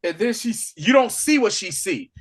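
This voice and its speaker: A man co-hosting a podcast, casually recapping a TV episode in animated storytelling, acting out the characters' lines. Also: high voice, moderate pace. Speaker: podcast co-host. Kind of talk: casual spoiler review chat.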